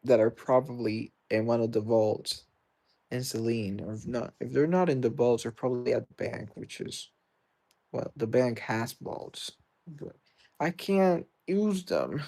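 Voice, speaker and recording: A man's voice: medium pitch, a little slow, creaky, mellow. A man with a British accent, streaming a game and chatting loosely with viewers, answering their comments as he plays. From Britain. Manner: rambling, reads and answers viewer comments aloud. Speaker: livestreamer. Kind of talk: casual livestream chat while gaming.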